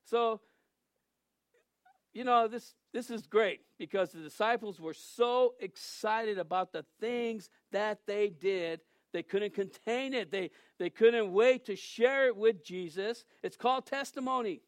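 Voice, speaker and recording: Guy pastor preaching, kinda high voice, chatty storytelling, dry close sound. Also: unhurried, no echo. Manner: conversational storytelling preacher, emphatic at times. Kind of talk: sermon.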